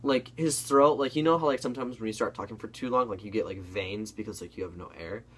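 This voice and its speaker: A man's voice: fairly low pitch, fast, a bit bright, slightly rough. Young man rambling through a story. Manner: rambling storyteller, many fillers, swears. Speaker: co-host. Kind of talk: casual comedic chat.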